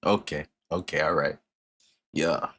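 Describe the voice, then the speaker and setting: A man's voice: rumbling low, steady tone, unhurried, a bit bright. A man hosting a music reaction, tipsy, chatting casually, rambling and repeating himself, with announcer-style greetings. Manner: rambling, repeats and restarts phrases, loose slang.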